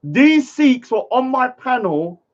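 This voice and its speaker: A young man rants indignantly on a live stream in a very high, very animated voice, taking his time, though the recording is muffled. The heated rant is repetitive, and he keeps checking in with viewers by asking "yeah?".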